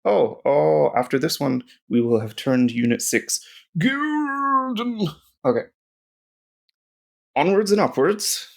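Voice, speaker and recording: A man's voice: a little high, animated, slow, creaky, pauses often. An Irish man thinking aloud as he works through German app lessons, rambling and joking at himself. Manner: rambling, self-mocking, talking to himself. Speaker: German-learning video creator.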